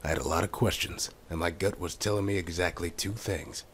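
Deep-voiced noir detective. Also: male voice, steady tone, brisk, fairly bright tone, a little hiss or hum. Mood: brooding. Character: hard-boiled male police detective narrating noir-style. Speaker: game character. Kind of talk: noir voice-over narration and game dialogue.

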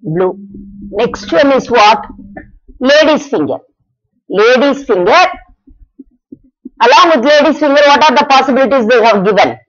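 A woman's voice: high-pitched, lively intonation. A woman teaching a math lesson, asking questions and answering them herself, repeating each step. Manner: slow, repetitive, asks and answers her own questions. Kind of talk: classroom lesson explanation. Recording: dull lo-fi recording.

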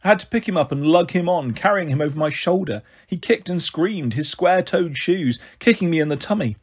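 Husky man reading a story aloud. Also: on the high side, a little fast. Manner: steady first-person narration. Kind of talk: reading a children's novel aloud.

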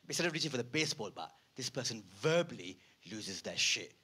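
A man performing live stand-up, swinging from muttered asides to loud rants. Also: mid-range voice, sing-song, quick pace, hardly any pauses, slightly rough. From United Kingdom. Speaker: stand-up comedian. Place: theatre stage.

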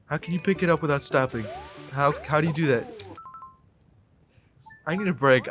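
A young man in his late teens rambles through let's play commentary, his voice sitting a little high. He breaks into sudden excited yelps now and then. Soft music plays faintly behind his close desk mic. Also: moderate pace, pauses often. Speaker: gamer.

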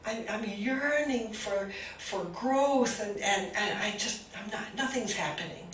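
Woman telling a story as a despairing older village man, halting and pleading, roomy faraway sound. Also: mid-range voice, fairly bright tone, close to an everyday voice. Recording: roomy, distant mic, faint hiss.

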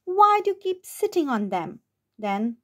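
A cheerful, teasing dog chirps his silly suggestions in a high, bouncy voice, as a woman reading a storybook puts him on. He sounds playful and a bit cheeky, with a wide, sing-song swing in pitch. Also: big pitch swings, a little slow, a bit bright, full character voice.

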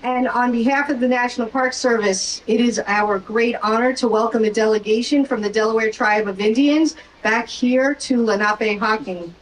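A woman's voice: fairly high pitch, normal speed, few pauses. A woman, a park service official, reading a formal prepared introduction of a guest speaker. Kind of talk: formal prepared welcome speech. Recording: distant mic with faint background noise.

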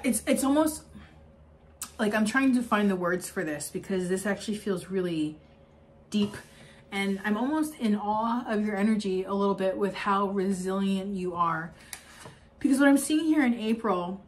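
Young woman, mid-pitched, doing a spiritual card reading; gushing, rambling, laughs a lot. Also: moderate pace. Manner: effusive, rambling, with frequent laughs and fillers. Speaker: oracle card reader.

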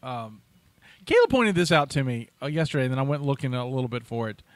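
A man's voice: medium pitch, big pitch swings, fast talker, dry recording. A man co-hosting a casual movie podcast, reading out trivia in a chatty way, restarting his sentences and laughing at his own asides.

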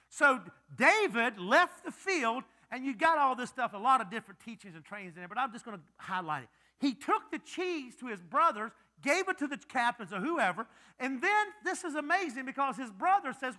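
A male pastor preaching a lively sermon, joking and quizzing his congregation. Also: very high-pitched, brisk.

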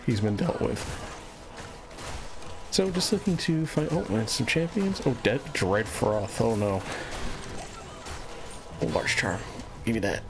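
A man giving relaxed, casual commentary as he plays a game on a live stream, muttering to himself as he goes. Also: mid-range voice, slow, pauses often. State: a little out of breath. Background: game music.

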